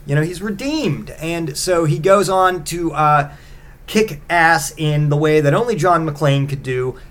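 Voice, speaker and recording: A man's voice: on the high side, a bit bright. A man hosting a comedy podcast, rambling through a sarcastic, profane monologue. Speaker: podcast host.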